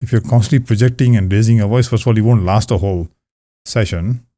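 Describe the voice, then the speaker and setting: A man coaching on communication skills, talking calmly to the camera in a relaxed, conversational way with frequent restarts. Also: on the low side, fast, no echo, studio quality. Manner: calm, conversational, many restarts. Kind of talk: casual talk to camera. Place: indoors, close to camera. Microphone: camera about two arm lengths away.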